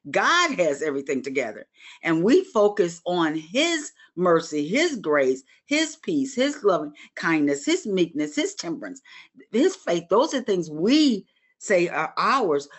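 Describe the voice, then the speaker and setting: A woman in her sixties leads a Bible study in a somewhat low voice. She talks in an earnest, motherly way, as if chatting with the group. She addresses her listeners directly. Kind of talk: conversational Bible study teaching.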